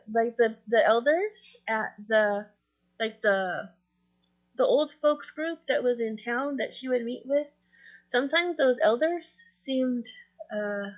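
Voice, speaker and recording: A woman giving a memorial tribute over a video call, speaking gently with pauses and restarts. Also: on the high side, dull audio. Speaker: mourner giving a eulogy.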